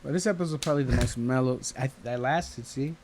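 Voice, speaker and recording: A fast-talking man with a medium-pitched, darkish voice co-hosts a relaxed podcast chat, with slight background noise behind him. He drifts through long anecdotes and acts out the voices of the people involved.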